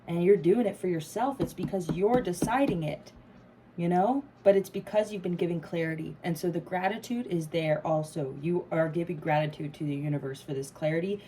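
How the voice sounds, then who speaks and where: A woman's voice: lowish voice, dark tone, slight background noise, poor audio. A woman doing a casual tarot reading to camera, emphatic and swearing freely. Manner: emphatic, swears freely, laughs and gets emotional. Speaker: tarot reader.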